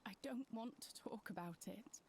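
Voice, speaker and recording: An actress playing a weary young woman recovering from poisoning, speaking slowly and reluctantly in video game dialogue. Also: fairly high pitch, a little mellow, slight background noise, close to an everyday voice. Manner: slow, tired, reluctant.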